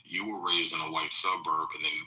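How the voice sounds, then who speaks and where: A man's voice: a bass voice, little pitch movement, a little fast, bright, forceful tone, poor audio. A man arguing his point at length in a heated panel debate, insistent and refusing to be interrupted. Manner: insistent, holds the floor.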